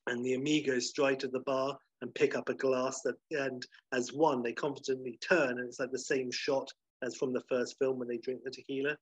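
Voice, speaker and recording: A man's voice: medium pitch, flat delivery, moderate pace, husky, dry recording. A man casually talking through a comedy scene, rambling with lots of "like" and "you know". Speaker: storyteller pitching a comedy scene. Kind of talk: casual spoken storytelling. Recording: slightly dull lo-fi recording.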